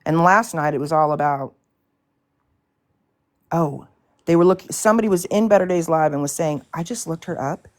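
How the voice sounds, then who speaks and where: A woman hosts a casual live stream, blunt and exasperated, swearing freely as she rants. Her voice sits a bit low for a woman. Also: normal speed, long pauses. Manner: blunt, profane, exasperated ranting. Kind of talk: casual livestream chat.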